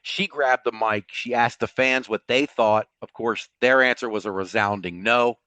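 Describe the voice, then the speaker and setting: Man, podcast co-host, casual recap, animated storyteller, middle pitch, dry close sound. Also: moderate pace, dry recording. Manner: storytelling, animated, laughs often.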